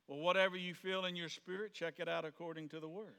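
In a church sanctuary, a male pastor preaches to his congregation in a loose, conversational way, his bright, slightly high voice clean and his delivery flat and fast. He slips into the voices of people in his stories and rises to sudden shouts, while long hall reverb trails his words.

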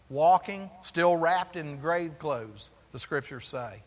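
A man preaching a sermon, asking the congregation rhetorical questions in an animated way. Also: fairly high pitch, slow pace, few pauses, big-room sound. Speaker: pastor.

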